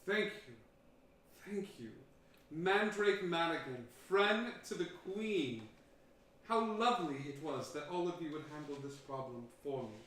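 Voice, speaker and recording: A man's voice: a little high, very animated, unhurried, a bit bright, pitched above the performer's own voice. A man voicing a gracious, effusive queen who stammers over her thanks. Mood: gushing. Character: gracious regal Red Queen, woman. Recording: echoey room from far off, faint noise.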